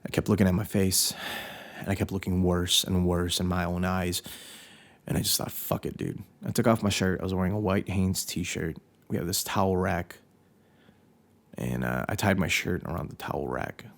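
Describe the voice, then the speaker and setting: Young guy podcasting, deep gravelly voice, swears a lot, super candid. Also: moderate pace. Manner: candid, profane, confessional, with self-interruptions. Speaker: podcast host. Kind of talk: personal storytelling monologue.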